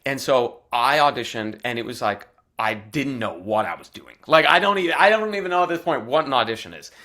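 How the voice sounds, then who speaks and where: A young adult man from Arizona, an actor telling stories as a guest, animated and chatty with lots of "like" fillers. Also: medium pitch, a little fast. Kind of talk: casual storytelling in interview.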